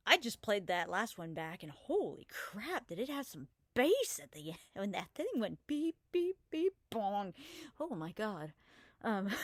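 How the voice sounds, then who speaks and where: A young vlogger tells a personal story casually, hesitating, trailing off mid-sentence, and swearing now and then. Her voice is mid-range and there's no echo.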